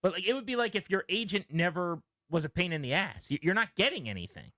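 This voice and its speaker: A man's voice: high voice, very animated, quick pace, pushed and bright, no room sound, studio quality. A man co-hosting a sports talk radio show, pressing his partner with rhetorical questions and pushing back.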